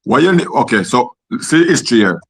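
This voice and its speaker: A man's voice: mid-range voice, very animated, brisk, fairly bright tone. A Jamaican man hosting a casual talk discussion, rambling through a history with many repeated words.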